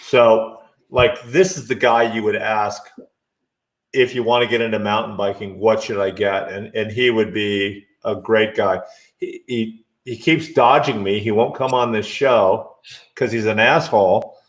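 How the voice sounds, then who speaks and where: A man's voice: fairly low pitch, steady tone, measured pace. A man in his sixties hosting a casual podcast interview, asking questions and ribbing his guest with blunt humor. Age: 60s. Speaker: podcast host.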